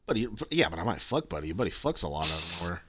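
A young man co-hosting a podcast, swearing and retelling text exchanges with jumpy pitch. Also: very animated, fast talker, crowd noise. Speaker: podcast co-host. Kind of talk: crude casual chat.

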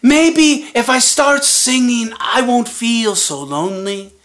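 A woman voicing a lonely, gentle female silver fox who speaks softly and hopefully. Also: on the high side, takes it slowly. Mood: wistful. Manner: soft, hopeful, wondering.

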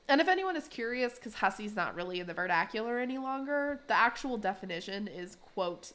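A woman's voice: mid-range voice, expressive, normal speed, hardly any pauses, a bit bright. A woman hosting a podcast, casually recapping a cartoon episode in a chatty way, with frequent laughs and fillers. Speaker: podcast host.

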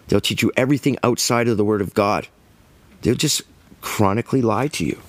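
A man preaching a sermon, emphatic and scornful, firing rhetorical questions at his listeners. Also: lowish voice.

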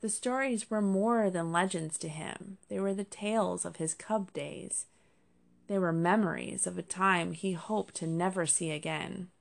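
Gravelly, low-voiced woman narrating a storybook. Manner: expressive, measured reading.

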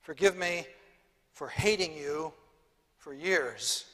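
Preacher voicing a grieving man, hushed, halting, slightly high voice in a reverberant hall. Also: exaggerated voice. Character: grieving adult man confronting his abuser.

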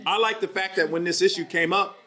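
Male pastor, energetic jokey sermon, bright and forceful voice. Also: high-pitched, brisk. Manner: lively, jokey preaching with playful put-on voices. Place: church service with congregation responding.

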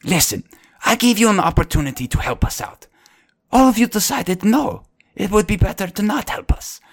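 A man's voice: high-pitched, sing-song, moderate pace, vocal fry, pitched above the performer's own voice, heavily acted. A man voicing a hostile, sarcastic boy who protects his little sister, speaking in a sneering, threatening way.

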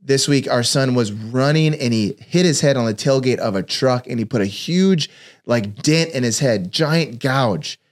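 At a medium pitch and moderate pace, a father delivers a personal devotional talk. He earnestly narrates stories, taking on the voices of those he quotes.

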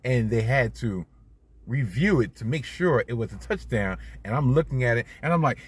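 Middle-aged new guy ranting about football, husky, swings all over in pitch. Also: moderate pace, no echo. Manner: animated, swears freely, swings loud. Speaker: podcast host. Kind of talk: solo sports commentary podcast.

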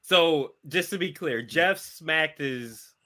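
A man's voice: a little high, slow, sharp tone. A man in casual podcast chat, laid-back and swearing casually.

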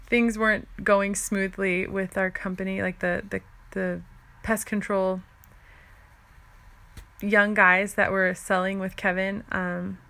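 A woman's voice: medium pitch, flat delivery, slow pace, creaky, long pauses, sharp tone. A young woman, a stay-at-home mom, telling a personal story in a chatty way, full of "like" and quoting herself and others.

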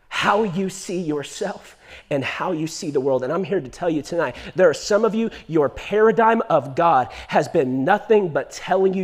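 A man preaching with a high, ringing voice, pressing his point again and again. His delivery jumps from loud, urgent bursts to quiet, intimate asides. He tells stories with animation, acting out the people in them. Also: moderate pace. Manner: emphatic, repeats "listen to me", swings from loud to hushed; animated storytelling, acts out quoted voices. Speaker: pastor. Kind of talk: sermon.

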